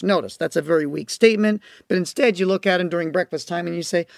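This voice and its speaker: A man's voice: high voice, expressive, fast, vocal fry, hardly any pauses, no room sound, clean studio sound. A man teaching parents as a coach, talking emphatically and repeating his key phrases. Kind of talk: instructional talk to parents.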